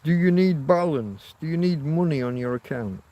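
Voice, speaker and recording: A man who lives in Spain hosts a casual, rambling livestream, chatting with viewers, reacting to their comments and tossing in self-mocking asides. His voice is on the high side, animated and mellow, at a moderate pace.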